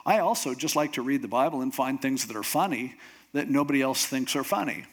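A man's voice: medium pitch, fairly quick, slightly rough. A middle-aged man preaching a conversational sermon as pastor, acting out his own thoughts as he goes. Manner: conversational, animated preaching with quoted inner thoughts.

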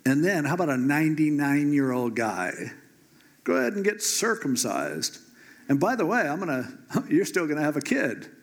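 A man voicing God as a calm, offhand speaker in a retold sermon story. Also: a little high, moderate pace. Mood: matter-of-fact. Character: God, calm, matter-of-fact male deity.

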